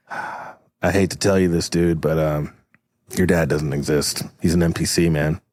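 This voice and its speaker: Deep-voiced rambling game master. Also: male voice, steady tone, unhurried, a little mellow, no room sound. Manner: rambling, filler-heavy, amused. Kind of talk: improvised game narration.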